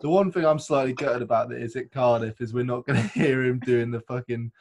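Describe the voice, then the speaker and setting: A man's voice: mid-range voice, fairly even intonation, brisk, a little mellow. A man, co-hosting a podcast in casual chat, telling rambling, sweary stories. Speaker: podcast co-host.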